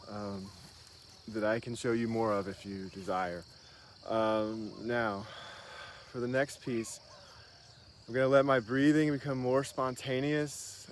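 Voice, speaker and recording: A man guiding a breathing meditation with slow, soothing instructions, often pausing with ums. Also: mid-range voice, slight background noise. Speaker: meditation guide. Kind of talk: guided meditation. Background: crickets and insects outdoors.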